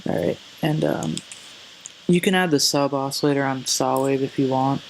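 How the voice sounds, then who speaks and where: Flat-voiced man walking through a synth tutorial. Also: mid-range voice, normal speed, gravelly, low-quality recording. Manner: relaxed, hesitant, corrects himself mid-step. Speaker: music production tutor. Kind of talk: casual screen-recorded tutorial. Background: faint synth sounds.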